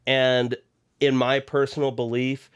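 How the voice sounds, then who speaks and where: A man co-hosting a podcast, earnestly explaining a point in a halting way with restarts. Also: mid-range voice, little pitch movement, clean tone, dull audio. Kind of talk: casual podcast chat.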